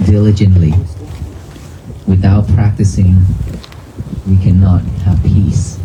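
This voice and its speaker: A monk from Vietnam giving a calm dharma talk outdoors to a crowd, often pausing to put questions to his listeners. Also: sits low, noisy background. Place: outdoors in a cemetery.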